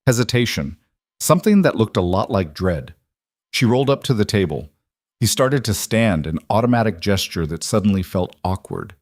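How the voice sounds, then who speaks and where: A man narrating a scripted fiction story with a steady, even delivery. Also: fairly low pitch, dry recording, clean studio sound.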